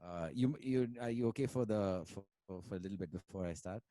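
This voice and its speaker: A man's voice: low voice, a little fast, mellow, dry recording. Man telling stories, dry sound. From India. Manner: rambling, many fillers, mixes in Hindi words. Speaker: musician guest. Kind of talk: casual conversation and storytelling.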